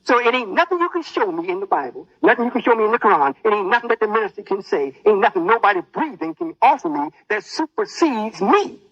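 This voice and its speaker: High-voiced boastful male preacher. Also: big pitch swings, fast, hardly any pauses, a bit bright, no echo, lo-fi sound. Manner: boastful, menacing. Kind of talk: sermon.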